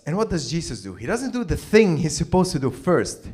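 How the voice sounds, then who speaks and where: A man doing an open mic stand-up set, telling a story in an animated, profane way with sudden yelled bursts. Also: fairly high pitch, a little fast, breathy edge. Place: small comedy venue stage.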